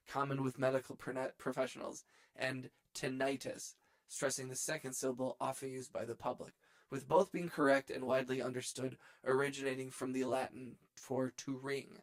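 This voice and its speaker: A man who produces music, chatting casually on a live stream from his home studio, goofy and playfully repeating words. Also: mid-range voice. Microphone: studio dynamic microphone.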